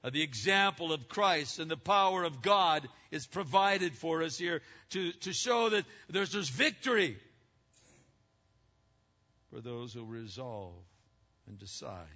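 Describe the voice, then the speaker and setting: A man delivers a sermon in a slightly high, ringing voice. He climbs to loud, emphatic peaks and then drops to quiet lows. The sound is dull and lo-fi, with a long reverb trailing behind every phrase. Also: expressive, unhurried. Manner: preaching with swings between loud emphatic highs and hushed lows. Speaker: pastor.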